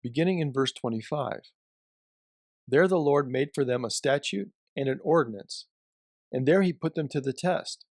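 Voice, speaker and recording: A man giving a devotional teaching, reading scripture and explaining it in a measured way with emphasis on key phrases. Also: medium pitch, darkish tone, no room sound, studio quality. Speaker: Bible teacher.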